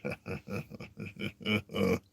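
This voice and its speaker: A man's voice: lowish voice, monotone, extremely slow, vocal fry, breathy edge. A man from England, chatting casually on a live stream and reading out viewer comments with self-deprecating chuckles. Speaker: vlogger reading live chat.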